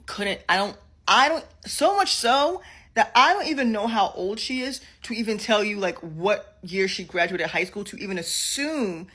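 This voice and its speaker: A woman of middle pitch telling a story in a casual, chatty way. She circles back and repeats phrases to drive her points home. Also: lively intonation, normal speed, fairly bright tone. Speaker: storyteller in a clip.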